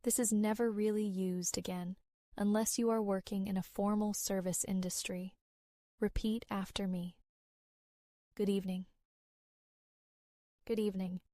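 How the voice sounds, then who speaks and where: An American woman gives an English lesson in a slow, deliberate way, repeating each phrase so learners can follow. Her voice is mellow and warm. It is recorded close on a dry mic with no room sound. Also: mid-range voice, dry recording. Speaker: English teacher.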